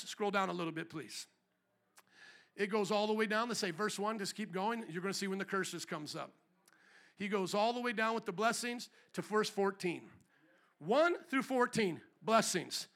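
A man delivers a fiery church sermon in a strikingly high voice. His tone is bright and forceful, and it cuts through the room. He drops to quiet asides, then climbs back up to shouted emphasis. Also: moderate pace. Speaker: pastor.

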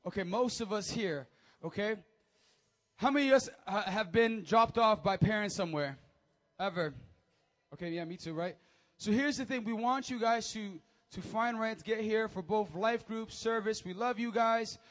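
Upbeat joking young youth pastor, high-voiced. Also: male voice, moderate pace. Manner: energetic, joking, calls for amens. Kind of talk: youth service announcements and preaching.

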